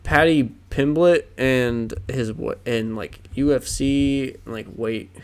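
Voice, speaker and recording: Young male podcast co-host, gravelly, loose and rambly, casual swearing. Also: mid-range voice, takes it slowly. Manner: rambling, swears, lots of fillers and restarts. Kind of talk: casual chat.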